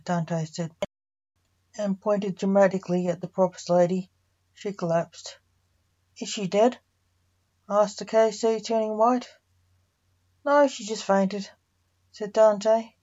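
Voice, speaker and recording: Woman reading a fantasy story, muffled. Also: medium pitch. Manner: reads all characters in a mostly even narrating voice. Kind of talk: scripted narration of a fantasy story. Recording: muffled lo-fi recording.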